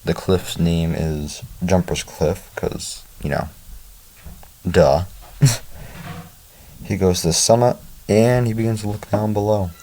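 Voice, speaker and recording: Deep-voiced man casually recapping a story. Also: fairly even intonation, measured pace, warm tone. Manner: casual, chatty, with offhand asides and chuckles. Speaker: book reviewer.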